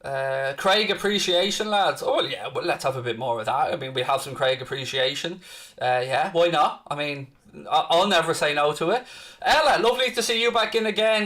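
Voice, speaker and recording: A man with a fairly high voice hosts a live fan stream. He chats in a loose, upbeat way and picks up viewer comments as he goes. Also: lively intonation, a little fast, a bit bright. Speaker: fan channel host.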